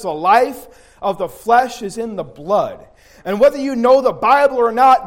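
A preacher with a noticeably high voice for a man delivers his sermon. He talks in a folksy, storytelling way, circling back to restart and repeat his phrases. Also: a bit bright. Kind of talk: sermon with personal army story.

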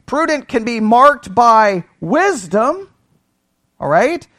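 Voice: mid-range voice, sing-song, slow, fairly bright tone, dry recording, clean studio sound. A Bible study teacher who speaks with energy, keeps asking the listeners questions and checking in with "right?", and thinks aloud with restarts.

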